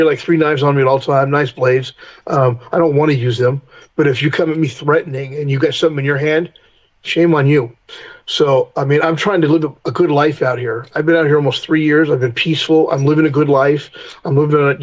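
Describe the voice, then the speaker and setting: A man's voice: a little high, lo-fi sound. A middle-aged man, a podcast guest, telling candid stories in a blunt, profane way and acting out heated confrontations. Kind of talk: candid storytelling interview.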